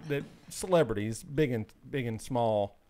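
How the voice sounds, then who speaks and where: A man's voice: medium pitch, unhurried, warm tone. A man hosting a podcast in casual chat, reacting briefly and passing on questions from chat. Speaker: podcast host.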